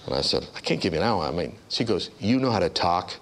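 Man preaching, low voice that swings way up and down, tells stories and does everybody's voices. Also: fast talker, gravelly, very noisy. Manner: animated storyteller, acts out voices with big pitch jumps. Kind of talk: storytelling sermon.

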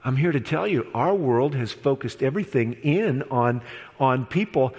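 A man preaching an evangelistic sermon in an auditorium, moving between loud storytelling and hushed appeals. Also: mid-range voice, lively intonation, moderate pace, breathy edge. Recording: long hall reverb.

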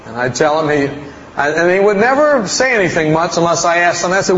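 A man's voice: fairly high pitch, animated, fairly quick, a bit bright. A man preaching a storytelling sermon to a congregation, folksy and rambling, with self-mocking humor. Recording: roomy hall, dull sound, faint noise.

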